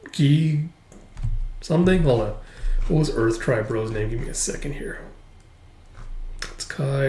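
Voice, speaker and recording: A man's voice: medium pitch, a little mellow, echoey room. Casual man recapping a comic. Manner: casual, rambling with fillers. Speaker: manga reviewer.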